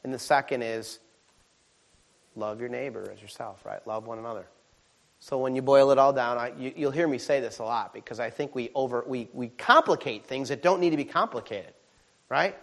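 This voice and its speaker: A man preaching a sermon as a pastor, animated and humorous, swinging from quiet asides to shouted exclamations. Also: medium pitch, normal speed, gravelly. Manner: humorous, self-deprecating.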